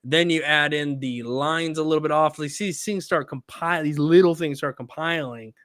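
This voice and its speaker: Male host, live tattoo critique stream, animated, higher voice, dry close mic. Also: normal speed, dry recording. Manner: animated, rising to high excited bursts. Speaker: tattoo artist and show host.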